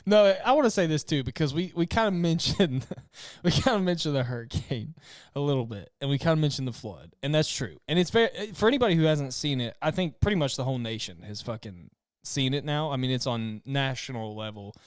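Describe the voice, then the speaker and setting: A man's voice: mid-range voice, animated, fairly quick, hardly any pauses, dry recording, clean studio sound. A man from Tennessee, chatting casually on a podcast and laughing through his stories.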